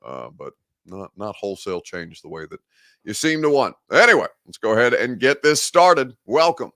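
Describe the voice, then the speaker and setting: A man's voice: mid-range voice, very animated, moderate pace, bright, forceful tone, dry recording. A man hosting a live sports talk show from a studio, chatting casually and answering viewer comments with wry humor.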